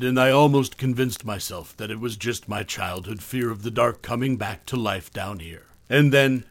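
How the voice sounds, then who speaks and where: A man narrating a first-person horror story in a measured, tense storytelling manner. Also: mid-range voice, no echo.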